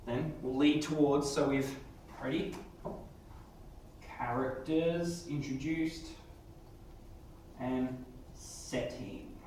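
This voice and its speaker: A male teacher talks through how to write a story's opening, thinking aloud in an animated way. His mid-pitched voice rings around a strongly echoing classroom, picked up from a distance with a faint hum behind it. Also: very slow, long pauses. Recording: echoey room from far off.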